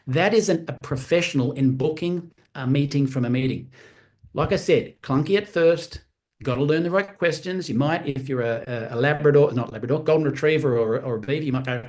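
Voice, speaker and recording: A man with a fairly high voice runs a live-streamed training session for a sales network. He talks with lively energy and jumps into short acted-out phone calls to show his students what to say. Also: fairly quick. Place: room on a live stream with screens.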